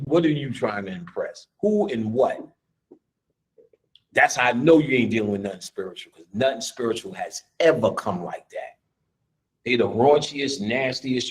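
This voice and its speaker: A man's voice: mid-range voice, low-quality recording. A man giving a live lecture in a loose, rambling, profane way, often laughing.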